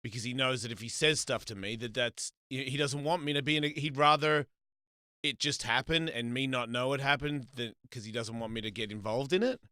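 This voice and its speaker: Bright-voiced man telling a profane story. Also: medium pitch, fairly quick, no room sound, studio quality. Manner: profane, animated storytelling with acted quotes. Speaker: host. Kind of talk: casual storytelling chat.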